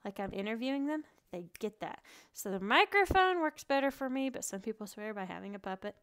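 A woman who teaches English online, giving casual and animated advice in a vlog from her home and laughing often. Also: a little high, fairly quick, smooth.

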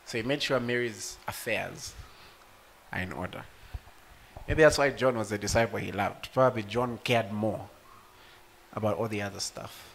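A man preaching a sermon to a congregation, rising to loud emotional peaks and speaking directly to his listeners. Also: on the low side, normal speed, creaky, slight background noise. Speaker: pastor.

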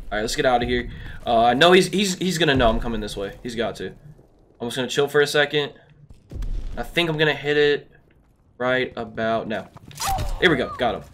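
A man giving excitable, trash-talking commentary over his own gameplay, a little sick. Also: mid-range voice, slight background noise. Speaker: gaming YouTuber. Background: faint background music.

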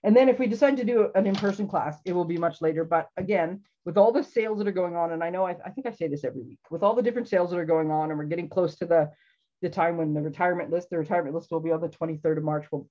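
A woman's voice: deep voice, rapid-fire, mellow, lo-fi sound. Chatty woman hosting a live craft demo. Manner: chatty, rambling, laughs often. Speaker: craft show host. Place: home craft room.

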